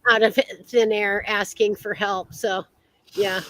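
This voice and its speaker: American woman, podcast co-host, chatty and meandering, mid pitch. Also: level tone, takes it slowly, fairly bright tone, dry recording, low-quality recording. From United States. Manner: rambling, many fillers and restarts. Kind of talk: casual chat.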